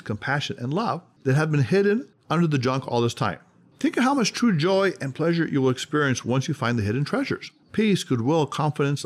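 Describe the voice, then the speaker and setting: A man with a slightly high voice reads a script for his self-help podcast. His delivery is emphatic and measured, and he slows on the key words.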